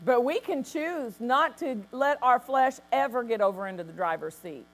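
A woman pastor preaching a sermon, telling stories with lively quoted voices and bursts of acted laughter. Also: on the high side, moderate pace.

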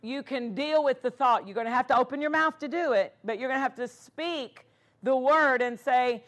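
Woman pastor, sermon, earnest, fairly high voice, stops and restarts. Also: normal speed. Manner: earnest preaching with frequent restarts.

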